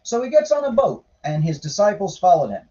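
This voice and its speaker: A man's voice: sits high, very animated, fairly quick, mellow, dull audio. A man giving irreverent, sarcastic casual commentary while reading scripture aloud, swearing now and then. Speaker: podcaster reading and commenting on the Bible.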